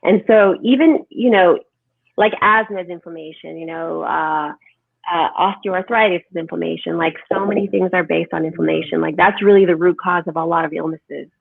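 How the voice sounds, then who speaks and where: A woman speaking as a holistic health guest in an animated, emphatic conversational interview, often asking "right?". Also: fairly low pitch, moderate pace, gravelly, dry recording. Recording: tinny phone-like line, dry.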